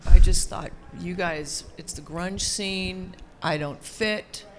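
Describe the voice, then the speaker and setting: A woman's voice: lowish voice, fairly even intonation, slow. A woman guest on a convention panel, talking in a laid-back, blunt way. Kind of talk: casual chat on a convention panel.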